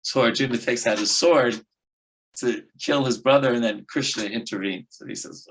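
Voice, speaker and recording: Bright-voiced man teaching scripture. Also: medium pitch, normal speed, slight background noise, low-quality recording. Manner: lively, conversational, with fillers. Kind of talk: classroom lecture with storytelling. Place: temple class room.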